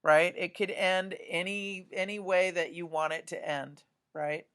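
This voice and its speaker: A woman's voice: lowish voice, steady tone, a little slow, fairly bright tone. A woman art teacher talks students through a drawing demonstration, chatty and often checking in with "right?".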